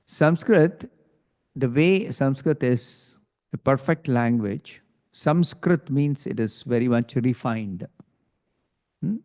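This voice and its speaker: A man giving a scripture class, explaining slowly and deliberately, often pausing to check with a "hmm?". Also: medium pitch, animated, a little mellow. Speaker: teacher of scripture. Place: temple hall. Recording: long hall reverb.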